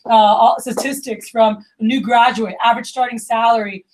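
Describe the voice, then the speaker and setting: A woman in her thirties speaks in a fairly high voice. She gives a casual motivational talk to her team, loose and chatty, full of "like" and "you know". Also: steady tone, normal speed, slight background noise. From Miami. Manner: casual and chatty, lots of "like" and "you know", acts out quoted friends. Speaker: division leader giving opening remarks.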